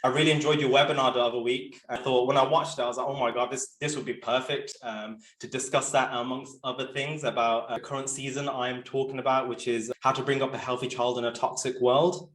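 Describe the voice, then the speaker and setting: A man's voice: mid-range voice, level tone, quick pace, hardly any pauses, a bit bright. A man with a Birmingham accent hosting a podcast, chatting animatedly and laughing often. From Birmingham, England. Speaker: podcast host. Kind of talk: casual interview chat. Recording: roomy echo.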